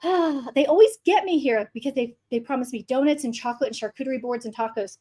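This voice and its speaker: A woman hosts her podcast with a bright, high voice. She talks bluntly and swears freely. Her monologue is fired-up and full of emphasis. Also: quick pace, slightly rough. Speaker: podcast host.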